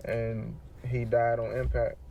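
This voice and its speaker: A man's voice: mid-range voice, completely flat delivery, takes it slowly, gravelly. A man with a voice in the middle range recounts a personal story in loose, casual speech. He slips into the voices of the people he quotes and repeats phrases to stress them. The recording is dull and lo-fi, with a faint hiss underneath. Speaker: guest telling his story.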